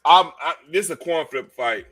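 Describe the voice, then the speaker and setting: A man's voice: fairly high pitch, normal speed, pushed and bright, faint music behind. A man hosting a live-stream fight watch party, chatting casually and profanely, laughing often.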